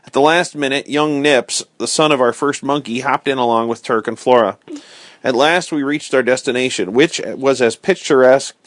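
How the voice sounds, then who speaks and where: A man's voice: medium pitch, moderate pace, fairly bright tone, no room sound, clean studio sound. A man hosting a bedtime story reading, narrating a chapter book steadily with small slips. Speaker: storyteller host.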